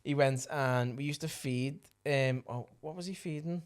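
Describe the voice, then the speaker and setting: A man's voice: mid-range voice, moderate pace, clear, resonant tone. A man chats casually as a podcast co-host. He retells stories in a rambling, loose way and swears casually as he goes.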